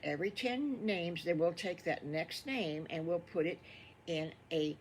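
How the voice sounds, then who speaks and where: A woman's voice: lowish voice, unhurried, close to an everyday voice. Older woman doing a folksy rambling shopkeeper in a storybook tale; faint background hum. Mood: eager. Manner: chatty, rambling. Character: kindly older male hardware store owner.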